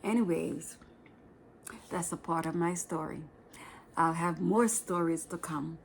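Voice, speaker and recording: A Jamaican woman tells her own story for her vlog in a low, gravelly voice, taking her time over every line. She speaks plainly and often sinks into a breathy whisper. Faint noise hums under the recording. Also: measured pace. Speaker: vlogger telling her life story.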